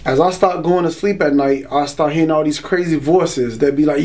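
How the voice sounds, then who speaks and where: A man's voice: on the high side, moderate pace, a little mellow. A young man talks in a slightly raised register. He tells a personal testimony in loose streetwise slang, leaning on "you know" and "y'all". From Florida, US. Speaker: man giving a religious testimony. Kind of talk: casual spoken testimony.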